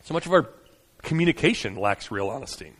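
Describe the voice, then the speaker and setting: A man's voice: mid-range voice, animated, long reverb tail. Man preaching a conversational sermon. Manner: conversational preaching, frequent "right?" and "you know" asides; builds to fast, urgent runs, then drops soft and slow. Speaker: pastor.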